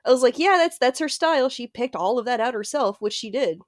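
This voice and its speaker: A woman's voice: on the high side, animated, a little fast, dry recording, clean studio sound. A woman in her thirties, a podcast co-host telling a story in casual chat, laughing often and swearing freely. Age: 30s.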